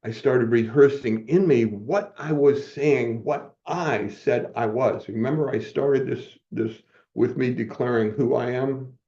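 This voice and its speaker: A man as a guest giving an earnest, halting personal testimony, often moved as he speaks. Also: medium pitch, mellow, lo-fi sound.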